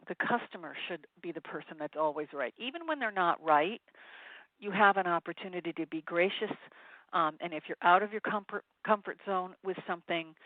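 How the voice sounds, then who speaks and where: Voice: medium pitch, no echo. A consultant giving a webinar presentation, offering direct advice to sales teams, with frequent "um" fillers. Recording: tinny phone-line webinar audio, dry.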